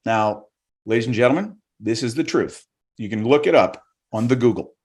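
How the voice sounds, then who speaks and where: A man's voice: medium pitch, lively intonation, normal speed, darkish tone, slightly rough. A middle-aged man doing a stand-up set over a video call, self-deprecating and rambling, restarting his sentences. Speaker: guest comedian.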